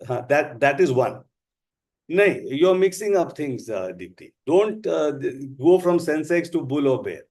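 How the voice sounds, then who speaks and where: A man with an Indian English accent teaching a live class, explaining slowly and with emphasis. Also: on the high side, animated, darkish tone. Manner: slow, deliberate, emphatic explaining. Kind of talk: live online class lecture.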